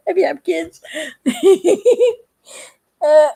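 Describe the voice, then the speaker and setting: A woman's voice: very high voice, lively intonation, drawn-out words, gravelly, mellow. An older woman chatting in a casual, folksy how-to vlog, giggling often and rambling a bit between steps. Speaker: craft video maker.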